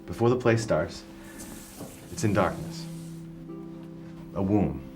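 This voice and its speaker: A man's voice: low voice, animated, slow. A man directing a play read-through, coaxing and patiently strained, with faint music behind. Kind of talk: rehearsal direction.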